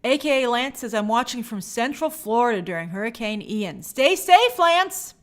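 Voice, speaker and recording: Hosting a laid-back livestream, this woman speaks fairly quickly in a slightly high voice. She's animated as she reads comments from viewers and chats back to them, and her sign-offs are bubbly.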